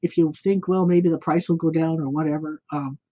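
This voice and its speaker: A woman's voice: low voice, steady tone, a little fast, dark tone. A middle-aged woman co-hosting a psychic call-in show, giving easygoing advice and talking things through with fillers. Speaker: psychic radio show co-host. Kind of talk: casual call-in chat.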